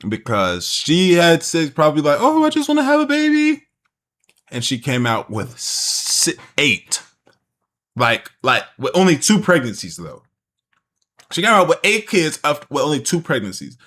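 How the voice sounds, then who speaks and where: A man's voice: on the high side, very animated, a little slow, bright, forceful tone. A man streaming a casual reaction, talking bluntly and jokingly with slang and swearing.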